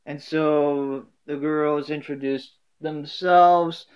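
A man's voice: a little high, steady tone, very slow, darkish tone, clean tone. Rambling man musing on his own. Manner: rambling, many fillers and restarts. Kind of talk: casual solo talk.

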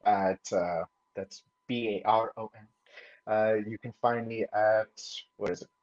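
A man co-hosting a political podcast, who talks in a measured way with frequent fillers. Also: on the low side, fairly even intonation. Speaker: podcast co-host. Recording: dull lo-fi sound.

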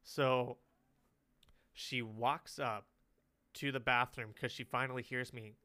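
A man's voice: medium pitch, steady tone, slow pace, bright, forceful tone, clean tone. A young man telling a story in casual chat, rambling with lots of fillers and laughing often.

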